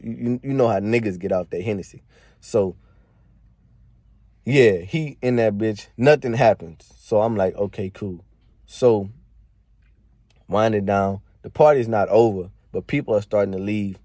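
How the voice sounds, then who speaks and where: A man's voice: fairly low pitch, mellow, no room sound, studio quality. A man telling a rambling, slangy story from a party in a casual storytime monologue. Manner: slangy, rambling, fillers and restarts.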